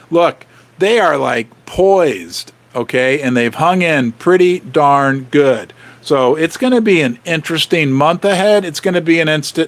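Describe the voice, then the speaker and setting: Man hosting a livestream, high voice, excitable, rattles off viewer shout-outs, getting hoarse. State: losing his voice. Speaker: livestream host. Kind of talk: casual livestream chat.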